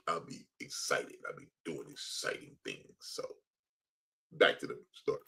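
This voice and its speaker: A man's voice: extremely low pitch, animated, measured pace, vocal fry, a bit bright, husky, rough recording. A man hosting a podcast, giving emphatic, preachy commentary that rises in bursts. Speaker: podcast host. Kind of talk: impassioned commentary.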